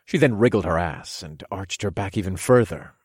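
A man narrates a first-person adult story in a low, commanding way. His voice is very deep and husky. The recording is close and dry, with no room sound. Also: expressive, moderate pace, no echo.

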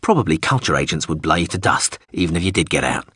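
A man's voice: extremely low pitch, sing-song, fast, fairly bright tone, husky, dry recording, studio quality, heavily acted. A man playing a cold, curt starship pilot. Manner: clipped and commanding.

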